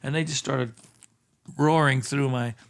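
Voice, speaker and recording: A man who is a session and touring bassist, a podcast guest telling stories from the road in a casual, animated way and acting out the dialogue. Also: measured pace. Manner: animated storyteller who acts out quoted dialogue. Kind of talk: casual storytelling in a podcast interview. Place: theatre space.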